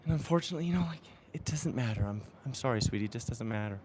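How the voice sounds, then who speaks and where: A man voicing a gentle old grandfather, speaking tenderly and consolingly in a parable. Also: mid-range voice, animated, very fast, slight background noise, lightly acted.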